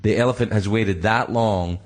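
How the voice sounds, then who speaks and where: A man's voice: on the low side, moderate pace. A man with a Scottish accent hosting a radio chat, spinning rambling, playful comic riffs. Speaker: host.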